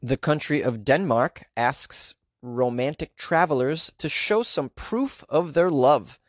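A man's voice: medium pitch, animated, takes it slowly, no room sound, clean studio sound. A man hosting a show, reading odd news stories and adding sarcastic, joking remarks. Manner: sarcastic, joking asides with laughs. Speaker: host.

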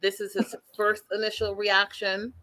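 A woman hosting a casual recap chat over a video call, animated and talking straight to her co-host. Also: mid-range voice, a little slow. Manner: animated, acts out quotes, addresses co-host by name. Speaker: podcast host.

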